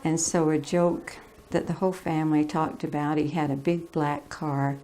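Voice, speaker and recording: A woman's voice: low voice, flat delivery, moderate pace, warm tone, faint music behind. A woman in her eighties fondly recalling family life in a chatty manner. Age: 80s. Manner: fond, chatty, laughing. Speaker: family elder interviewee. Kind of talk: oral history reminiscence.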